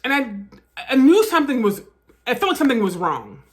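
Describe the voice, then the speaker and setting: Animated, cursing woman telling a story. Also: a little high, a little fast. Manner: animated, profane, emphatic retelling. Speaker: vlogger. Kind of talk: casual storytime narration.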